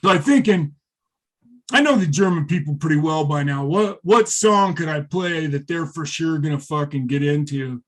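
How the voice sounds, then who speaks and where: High-voiced man telling rambling stories. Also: moderate pace, few pauses. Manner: rambling and profane, many fillers. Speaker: guest, former wrestler. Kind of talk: casual interview storytelling.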